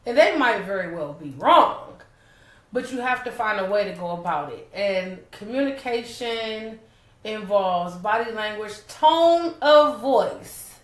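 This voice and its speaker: A woman co-hosting a casual advice talk with her husband, steady and agreeing. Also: medium pitch, measured pace. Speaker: co-host, wife. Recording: echoey room.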